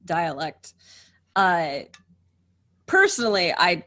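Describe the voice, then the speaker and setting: A woman on a tabletop podcast, talking casually and quickly and laughing often. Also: fairly low pitch, wildly swooping pitch, pushed and bright. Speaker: podcast player.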